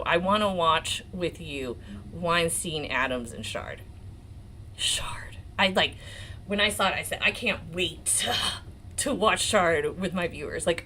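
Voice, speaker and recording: Excitable American woman with a lively voice. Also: lowish voice, slight background noise, poor audio. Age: 40s. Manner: excitable and emotional, swearing, laughing often. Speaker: legal commentary livestream host. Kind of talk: casual live-stream commentary.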